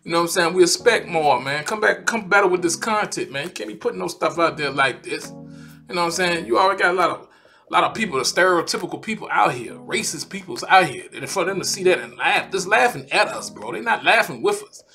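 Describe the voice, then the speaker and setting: A man rants in a loose, exasperated way, circling back to the same phrases again and again. His voice sits high and bright, and faint music plays softly underneath. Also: fast, creaky. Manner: animated, exasperated, repeats "man" and "you know what I'm saying". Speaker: vlogger. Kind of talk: heated casual rant.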